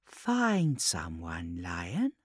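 A man voicing an eerie childlike warp entity that speaks through a boy, in a faint, slow, innocent whisper. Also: low-pitched, wildly swooping pitch, no room sound, clean studio sound, heavily acted. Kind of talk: audiobook character voice.

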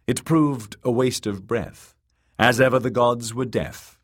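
A man narrating an audiobook in a measured, dramatic reading. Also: medium pitch.

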